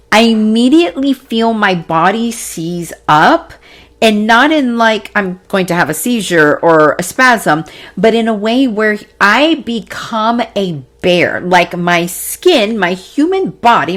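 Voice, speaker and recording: A young adult woman hosting a podcast, telling a personal story in a casual, animated way, swearing freely and acting out sounds. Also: medium pitch. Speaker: podcast host. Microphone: podcast mic, seated in a squeaky chair.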